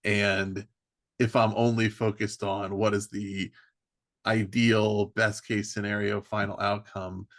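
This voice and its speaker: A man hosting a podcast, speaking thoughtfully with many pauses and fillers. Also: lowish voice, level tone, fairly bright tone, dry recording, studio quality. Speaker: podcast host. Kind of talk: conversational interview.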